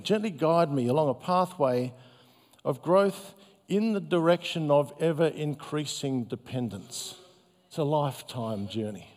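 A male pastor giving a sermon in a gentle, conversational, self-deprecating way. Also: fairly high pitch. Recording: long hall reverb.

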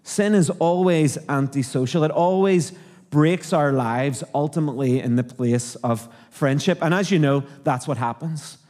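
Northern irish man preaching, mellow fairly high voice, chatty sermon, long church-hall reverb. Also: measured pace. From Northern Ireland. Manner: conversational, asks the congregation questions. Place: church auditorium.

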